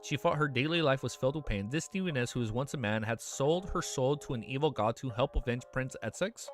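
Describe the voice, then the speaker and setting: A man streaming live, reading a novel aloud and breaking off into excited, profane reactions. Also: medium pitch, fairly quick, few pauses, soft background music.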